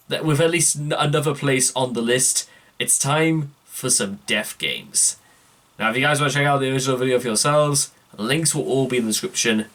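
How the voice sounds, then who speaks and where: A man, hosting a music reaction video in a rambling, self-correcting, chatty way. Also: medium pitch. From northeast England. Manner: rambling, self-correcting, keeps calling out "ladies and gentlemen". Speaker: music reaction channel host. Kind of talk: casual reaction commentary.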